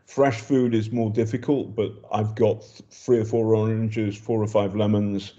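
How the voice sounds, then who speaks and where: This is a casual spoken report from a war zone by an older British journalist. His warm voice sits on the low side, with a flat, slightly slow delivery and highs cut off, and he talks chattily and hesitantly with many ums and restarts.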